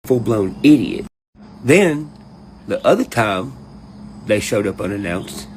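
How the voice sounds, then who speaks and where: A man rants to his audience, his pitch swinging widely as he mocks people in squeaky put-on voices. He curses freely and laughs between lines. A faint hum of room noise sits under the voice. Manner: animated storytelling, mocks others in high put-on voices, heavy cursing, laughs often. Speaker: online commentator ranting to his audience. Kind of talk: casual profane rant.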